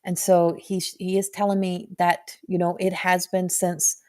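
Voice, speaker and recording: A middle-aged woman giving a live intuitive medium reading, talking in halting, searching phrases with many restarts. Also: on the low side, little pitch movement, darkish tone.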